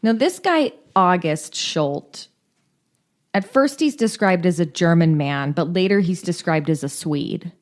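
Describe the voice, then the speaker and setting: A podcast co-host reads case details aloud in a relaxed true-crime style, breaking in with joking asides and curse words. She has a fairly low, animated voice and speaks at a measured pace.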